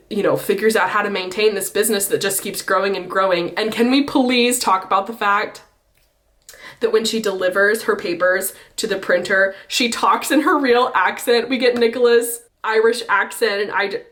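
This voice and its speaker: Chatty woman vlogging her opinions. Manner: chatty and opinionated, lively swings in pitch. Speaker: book and TV vlogger. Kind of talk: casual opinion vlog.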